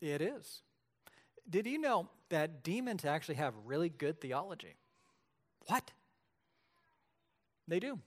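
A man preaching a sermon as pastor, telling the story vividly and swinging between loud and hushed delivery. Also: a little high, sing-song, takes it slowly, pauses often.

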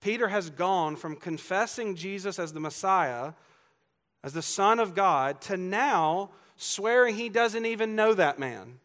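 A pastor from Georgia preaches an expository sermon with a faint, faded Southern accent, earnest and emphatic. He builds on repeated lines and turns to the congregation with asides. His voice is high-pitched, expressive and a bit bright, and he speaks a little slowly.

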